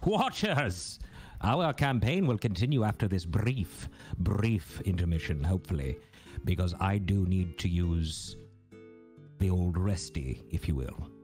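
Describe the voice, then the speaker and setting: A man banters through a live-stream intermission with mock-grand flair. His delivery bounces through a very lively pitch range. Faint music plays underneath him. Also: unhurried. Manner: mock-grand, theatrical, teasing. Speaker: intermission host reading chat. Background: jazzy background music.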